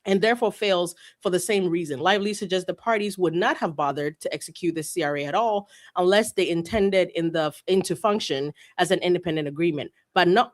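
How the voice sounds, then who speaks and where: A woman co-hosting a casual chat show, reading a legal filing aloud with irreverent asides and frequent laughter. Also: lowish voice. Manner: giggly, irreverent, swears freely, laughs often.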